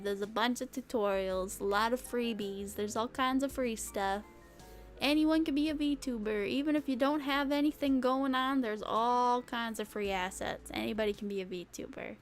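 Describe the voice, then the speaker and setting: A woman VTuber chatting casually with her stream chat in a playful, giggly way, slipping into sing-song bits now and then. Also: on the high side. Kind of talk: casual live-stream chat reading comments.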